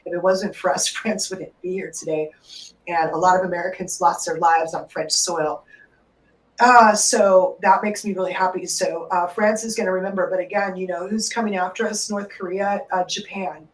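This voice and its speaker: A woman's voice: fairly low pitch, fairly even intonation, moderate pace. A woman hosts a live call-in radio show, rambling and emotional, with curses dropped in along the way. Her voice sits back from the microphone, and the room gives it a roomy echo. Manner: emotional, rambling, swears freely. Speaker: psychic radio host. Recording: echoey room, distant mic.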